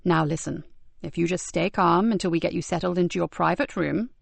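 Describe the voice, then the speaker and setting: A woman narrator voicing a gentle male police sergeant who talks softly and reassuringly. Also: on the high side, fairly even intonation, fairly quick, gravelly, no room sound. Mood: soothing. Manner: soft, reassuring, hushed.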